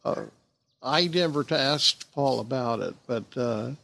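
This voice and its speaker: Older man with a gravelly, halting voice. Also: medium pitch, bright, forceful tone. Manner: halting, full of restarts and fillers, chuckling. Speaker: guest, jazz bassist and former actor. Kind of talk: casual interview chat.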